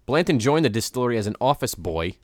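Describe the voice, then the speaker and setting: A man's voice: mid-range voice, big pitch swings, fast talker. A man co-hosting a podcast, relaxing into a haunted history with fillers and jokes. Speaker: podcast co-host. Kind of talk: casual storytelling chat.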